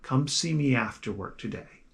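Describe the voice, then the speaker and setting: A man voicing an elderly gentleman mage who tempts a young man with power, speaking softly and slowly. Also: medium pitch, lively intonation, gravelly. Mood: persuasive. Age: older. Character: elderly gentleman mage mentor, smooth and persuasive.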